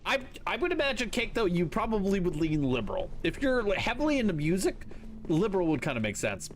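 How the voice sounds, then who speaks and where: High, lively, blunt-talking male streamer. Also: fairly quick, a little hiss or hum. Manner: blunt, opinionated, swears freely. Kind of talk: casual chat to stream viewers while gaming.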